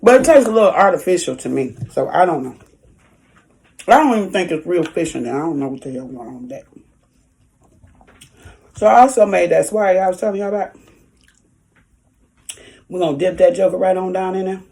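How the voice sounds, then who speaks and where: Folksy woman with a gravelly low voice. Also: lively intonation, brisk, long pauses, darkish tone. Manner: chatty and folksy, talks while chewing. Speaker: food vlogger. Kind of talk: casual eating vlog, talking to viewers.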